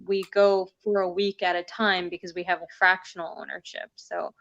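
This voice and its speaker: A woman's voice: on the low side, little pitch movement, moderate pace, fairly bright tone, dull audio. A woman comedian chatting casually as a guest, talking with many fillers. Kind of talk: casual conversation.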